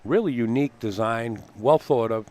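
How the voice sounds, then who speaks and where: A man's voice: medium pitch, moderate pace, darkish tone, a little hiss or hum. A man giving live commentary on a pool match, chatty and folksy, with frequent fillers and easy laughter. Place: pool hall commentary booth.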